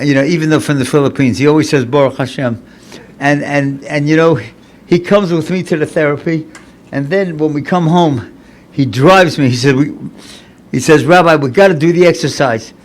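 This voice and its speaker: A man in his seventies, a rabbi giving an inspirational sermon in an earnest, conversational way, often repeating phrases for emphasis. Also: a little high. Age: 70s. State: recovering from paralysis, slightly impaired speech. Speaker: rabbi and lecturer.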